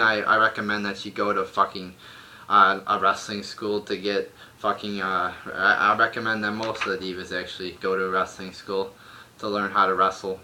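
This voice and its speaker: A man's voice: low-pitched, sharp tone, a little hiss or hum. A young man reviewing a wrestling show at home, ranting bluntly with a lot of swearing. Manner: profane, blunt, exasperated ranting. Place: home room.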